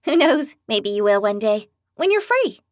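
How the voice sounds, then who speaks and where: A woman's voice: fairly high pitch, very animated, moderate pace, a little mellow, no room sound, clean studio sound. A woman doing Daphne, a blunt, grumpy young healer. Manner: blunt, spirited.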